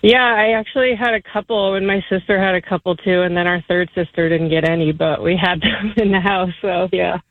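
A woman in her forties calling in to a radio show, chatting in a relaxed, slightly hesitant way. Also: fairly low pitch, brisk, hardly any pauses, no echo, narrow, tinny audio. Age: 40s. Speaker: caller. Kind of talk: phone-in chat.

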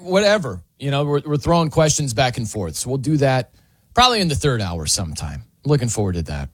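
A man's voice: mid-range voice, big pitch swings, fairly quick, husky, no room sound. A man hosting a sports talk radio show, bantering and teasing his co-hosts with energy and frequent laughs.

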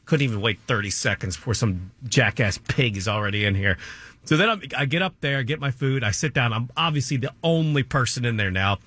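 A man's voice: mid-range voice, animated, brisk, fairly bright tone, slightly rough. A male radio co-host telling a self-mocking story in casual studio banter, laughing often.

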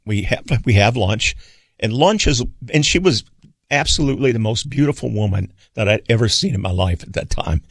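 An older man, a radio executive and author, telling stories in a rambling, halting interview with many pauses and fillers. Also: medium pitch, lively intonation, vocal fry, no room sound, studio quality. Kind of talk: casual interview storytelling.

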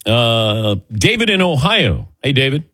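A man hosting a sports talk radio show, taking callers in a relaxed, joking, conversational way. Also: medium pitch. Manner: relaxed, conversational, quick to joke. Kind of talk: casual sports radio chat.

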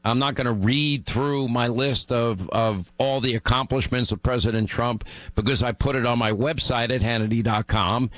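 A hoarse middle-aged man hosting a talk radio show, rambling and repetitive as he talks through his busy day. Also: medium pitch, moderate pace, fairly bright tone, no room sound. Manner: rambling, repetitive, self-mocking. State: hoarse from talking all day. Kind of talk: talk radio monologue and banter.

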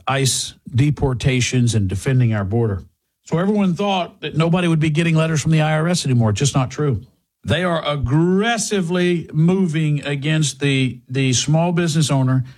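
A man's voice: fairly high pitch, darkish tone. A man reading a radio advertisement in an urgent, persuasive way. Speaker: ad reader. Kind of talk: radio ad read.

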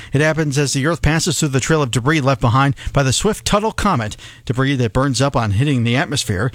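A man reading the morning news on the radio in a brisk, formal newsreading manner. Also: fairly high pitch, no echo. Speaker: news anchor. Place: radio studio.

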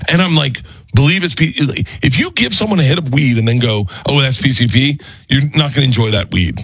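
A comedian in his thirties telling a rambling, animated, self-mocking story in casual chat. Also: medium pitch, fast, husky, dry recording.

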